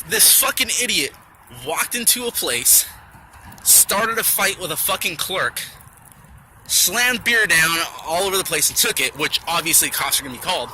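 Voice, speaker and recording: A young man telling a story from work in a rambling, profane, animated way, outdoors at night. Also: on the high side, slight background noise. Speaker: vlogger. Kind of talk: casual storytelling.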